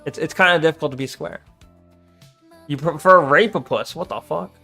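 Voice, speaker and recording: A man's voice: on the high side, moderate pace, vocal fry, sharp tone, soft background music. A young man streaming, chatting casually and rambling with a profane, joking manner as he reads his chat.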